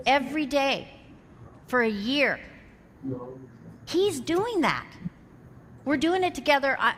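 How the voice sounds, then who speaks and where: A woman in her fifties giving a motivational keynote to a live audience, telling stories animatedly and acting out the dialogue. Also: high voice. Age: 50s. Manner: animated storyteller who acts out quoted dialogue. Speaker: motivational seminar speaker. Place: large hall with an audience. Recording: long hall reverb, faint background noise.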